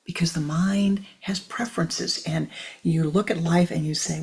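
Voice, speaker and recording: A spiritual teacher giving a meditative teaching. The teacher speaks slowly and deliberately, repeats phrases for emphasis and often sinks into a breathy near-whisper. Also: medium pitch, steady tone, a little mellow. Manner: addresses listeners tenderly as "my beloved".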